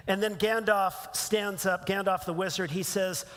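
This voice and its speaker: A pastor giving a conversational sermon in a church, with casual fillers and restarts. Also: male voice, high voice, fairly even intonation, a little slow, hardly any pauses, a bit bright, long reverb tail. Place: church sanctuary.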